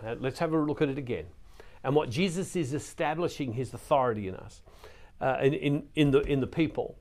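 A man's voice: medium pitch, brisk, a little mellow. A man preaching as a Catholic minister, teaching on scripture in an earnest way, with restarts, and reading passages aloud with more force.

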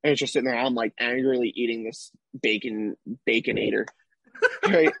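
Husky young man telling a story. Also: mid-range voice, little pitch movement, normal speed, dry recording. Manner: rambling, tag questions like "right?". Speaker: podcast guest, baseball player. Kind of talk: casual storytelling interview.

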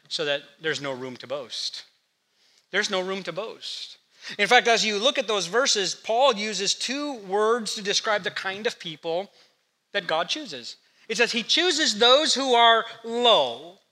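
A man preaching a sermon, telling Bible stories in a lively way and putting questions to the congregation. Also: sits high. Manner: animated storytelling preacher, asks the congregation questions. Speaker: pastor.

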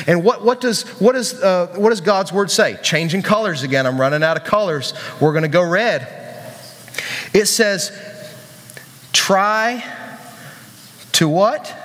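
A man's voice: sits high, a bit bright, big-room sound. A man preaching a casual sermon to young people, joking and asking the crowd questions. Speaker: youth pastor.

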